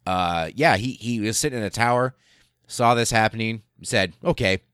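A male podcast host telling a history story casually, in an excitable, profane way full of fillers and restarts. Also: on the low side, moderate pace, clean tone, no echo, studio quality.

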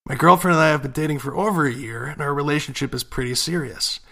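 A man co-hosting a casual podcast, reading a listener's letter aloud and reacting with animated, profane outrage. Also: on the high side, fast talker, creaky. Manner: animated, swears freely, reads letters aloud. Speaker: podcast co-host.

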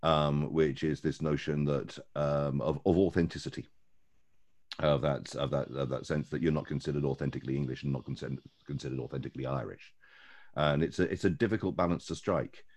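A man's voice: extremely low pitch, steady tone, brisk, darkish tone. A man hosting a podcast, asking long questions with many repeated words and restarts. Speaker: podcast host. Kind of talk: interview questions.

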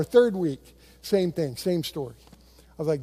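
A male pastor delivers a sermon in a high yet mellow, warm voice. He tells stories animatedly, stumbling over restarts, and drops into impressions of the people in them. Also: a little slow, pauses often, breathy edge. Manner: animated storytelling with repeated restarts; imitates other voices in quotes.

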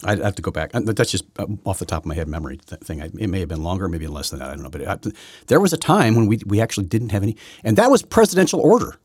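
A man hosting his own podcast from his basement, rambling through a political rant that swings from loud outbursts to low muttering, with many restarts. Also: very animated, racing, breathy edge, dry recording, studio quality. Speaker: podcast host. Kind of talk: solo political commentary rant. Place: home basement.

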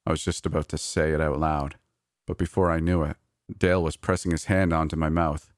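A man reads a scripted horror story at a measured, steady pace. His voice sits very low, and the recording is dry with no room sound. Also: dry recording. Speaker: narrator.

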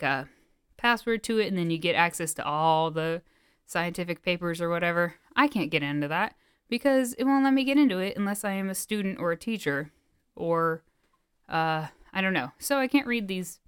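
A woman's voice: fairly low pitch, clean tone, no room sound, studio quality. Breathless woman podcaster with twang. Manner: rambling with many fillers. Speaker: podcast co-host. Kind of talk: casual podcast chat.

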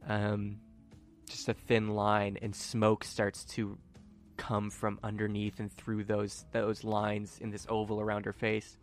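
Low-voiced man narrating a tabletop game. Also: monotone, slow, soft background music. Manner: casual, with many fillers. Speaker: game master.

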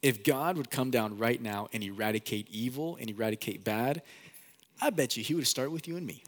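A man's voice: mid-range voice, brisk, long reverb tail. A young man preaching a sermon as pastor, earnest and conversational, with many casual fillers.

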